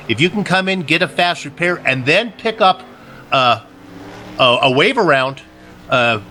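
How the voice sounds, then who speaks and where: Racing commentator guy, bit higher voice, chatty, noisy background hum. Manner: conversational, asks co-host questions. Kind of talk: race broadcast commentary. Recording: clear background noise.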